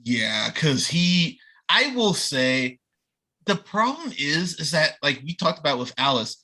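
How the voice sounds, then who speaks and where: Animated, bright-voiced movie podcast host. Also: mid-range voice, slow. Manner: animated, swearing, frequent "like" fillers. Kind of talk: casual movie review chat.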